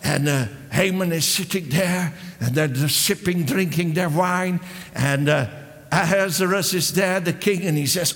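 A man preaches with a high, gravelly voice, telling a story in a lively way. He often stumbles, restarts and repeats his words. His voice rings with a long hall reverb. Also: measured pace. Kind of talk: sermon storytelling.

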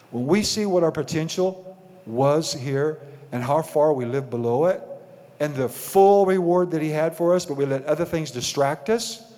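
A man's voice: on the high side, darkish tone. A man preaching a sermon as pastor of his church, building to emphatic peaks and tossing questions to the congregation. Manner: preaching with rising emphasis and call-and-response questions. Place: church sanctuary. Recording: long hall reverb.

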